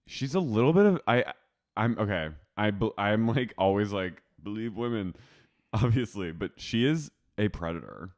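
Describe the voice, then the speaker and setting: Man, podcast co-host, low voice, lively swooping pitch, animated recap chat. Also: normal speed. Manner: animated, jumps into squeaky high voices for impressions. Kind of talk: casual pop-culture recap chat.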